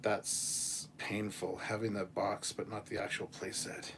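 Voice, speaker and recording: A man hosting a casual chat show, reading viewer messages and ranting in an animated, profane way. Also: on the low side, a little slow, a little hiss or hum. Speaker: channel host.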